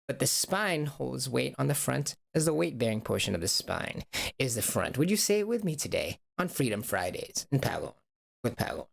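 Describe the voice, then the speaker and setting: A man's voice: medium pitch, big pitch swings, moderate pace, gravelly. A man hosting a stream, coaching body awareness in a playful, repetitive call-and-response style. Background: music.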